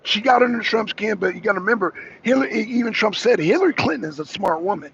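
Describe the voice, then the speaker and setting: A man's voice: sits high, lively intonation, quick pace, gravelly, crowd noise. A man co-hosting a political talk show, giving heated, rambling commentary full of restarts and asides. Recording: dull lo-fi audio.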